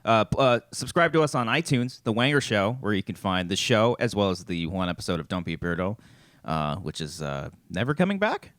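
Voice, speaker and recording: Young guy hosting a podcast, swears, very animated pitch, dry close mic. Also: fairly quick, no room sound. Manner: swearing, loose promo reads. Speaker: podcast host. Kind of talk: casual chat.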